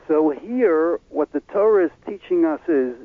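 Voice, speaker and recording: Man, religious teacher, halting explanatory lecture, tinny phone-line radio sound. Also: a little high, lively intonation, no room sound. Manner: halting, with many fillers and restarts.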